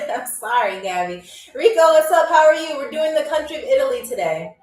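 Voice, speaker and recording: A woman's voice: high-pitched, sing-song, a little fast, a little mellow, faint music behind. A woman hosting a livestreamed trivia game show, chatty and upbeat, reading out viewers' comments and answers. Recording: roomy echo, heard from a distance.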